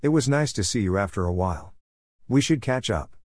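A man's voice: fairly low pitch, animated, fairly quick, no echo, studio quality, natural voice. A man voicing a friendly young woman lawyer, chatty and polite, in a narrated story.

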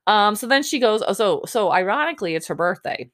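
Woman, young adult, low pitch, casual, snarky, opinionated, podcast recap. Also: expressive, fairly quick, hardly any pauses, fairly bright tone. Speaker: podcast host. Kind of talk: casual reality show recap.

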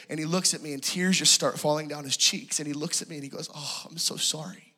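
Male preacher, bright and fairly high, sermon testimony, hushed to impassioned. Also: fairly even intonation, fast. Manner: hushed and tender, rising to impassioned pleading.

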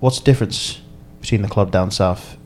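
A man hosting a casual podcast chat, relaxed and asking his guest friendly questions. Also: on the low side, moderate pace, faint music behind. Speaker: podcast host, caddy.

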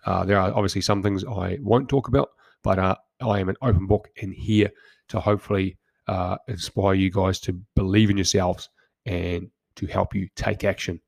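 A deep, gravelly male voice delivers a motivational podcast monologue in a flat, steady tone. He speaks in short, direct commands and often trips over repeated words. The sound is dry and close, with no room around it. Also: no echo. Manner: direct, punchy exhortations with stumbling repeated words. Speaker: podcast host.

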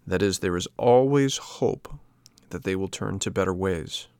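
A man's voice: deep voice, a little slow, a little mellow, smooth, no echo, studio quality. A man voicing a kind but stern motherly fairy, speaking in a solemn, admonishing way in a storybook reading. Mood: tender.

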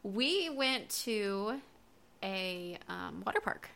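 A woman chats easily on a family podcast and laughs often. Her voice is bright with a gravelly fry at the ends of her phrases. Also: mid-range voice, sing-song, drawn-out words. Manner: giggly, chatty. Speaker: podcast co-host. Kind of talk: casual chat.

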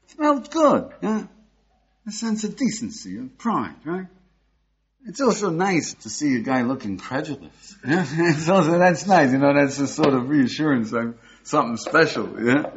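On a dull, lo-fi recording with slight background noise, an older American rabbi gives an animated Torah lecture. He speaks at normal speed in a fairly high voice, frequently asking his audience questions and checking in with "yeah?".

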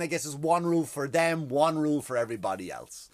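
A man's voice: fairly high pitch, animated, quick pace, no echo. A male comedian hosting a podcast, talking in a rambling, profane monologue that often stops and restarts mid-sentence.

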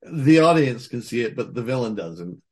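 A man's voice: mid-range voice, animated, moderate pace, darkish tone. A man, a voice actor being interviewed, talks in a rambling, casual way with many restarts and frequent laughter. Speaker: voice actor guest.

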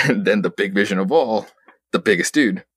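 A man's voice: on the low side, lively intonation, moderate pace, fairly bright tone, breathy edge, dry recording. A young man co-hosting a podcast, recapping a comic book in a rambling, profane way, laughing often and quoting characters in passing. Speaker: podcast co-host.

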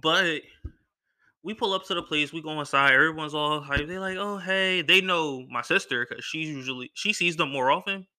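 Bright-voiced young man telling a story. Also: fairly high pitch, moderate pace. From Philadelphia, US. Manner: animated storyteller, acts out quoted voices. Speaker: podcast host. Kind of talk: casual storytelling monologue.

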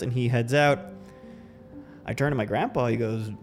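A man's voice: on the high side, normal speed, soft background music. A man hosting a podcast, telling a personal story in a loose, reflective way, full of restarts. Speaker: podcast host. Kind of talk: casual storytelling.

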